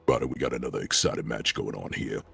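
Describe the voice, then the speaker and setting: A man putting on an exaggerated deep adult announcer voice while joking during esports commentary. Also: steady tone, quick pace, creaky, fairly bright tone, husky, soft background music, full character voice. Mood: hyped. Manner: booming drawl, exaggerated low delivery. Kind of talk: joking impression while casting.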